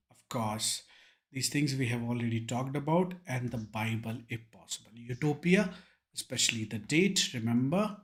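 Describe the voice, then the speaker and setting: An emphatic young male teacher with an Indian English accent, running through exam revision points. He drills key terms one by one, slipping Hindi words into his English. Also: mid-range voice. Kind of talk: online revision lecture.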